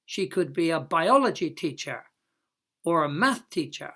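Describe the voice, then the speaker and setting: Low-pitched yet bright and forceful, her slightly rough voice has lively intonation. She's an English teacher giving a recorded lesson, explaining slowly and carefully step by step and drawing out her example words.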